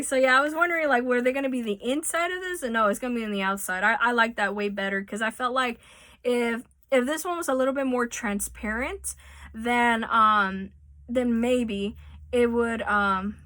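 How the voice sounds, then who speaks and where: A woman's voice: on the high side, pushed and bright. A woman chatting casually in a home vlog as she shows off gifts, with many fillers and restarts. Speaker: vlogger showing gifts. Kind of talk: casual show-and-tell. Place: home room. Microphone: phone.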